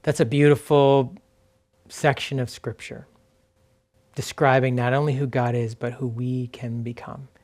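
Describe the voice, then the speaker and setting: A male pastor speaks in a gentle, unhurried way at a mid-range pitch. He guides a quiet reflective meditation and reads scripture slowly, letting pauses sit between the phrases. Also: level tone.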